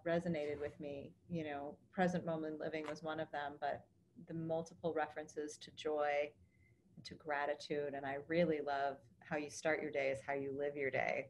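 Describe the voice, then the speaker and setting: A woman's voice: low-pitched, a little mellow, a little hiss or hum. A woman hosting an interview, reacting effusively and gushing over her guest's story. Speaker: podcast host. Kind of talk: interview conversation.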